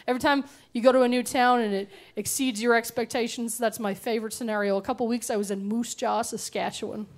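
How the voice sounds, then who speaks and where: A woman's voice: a little high, quick pace, few pauses. A young woman doing a bawdy, sarcastic stand-up set into a handheld mic on a comedy club stage. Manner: sarcastic, bawdy, animated storytelling.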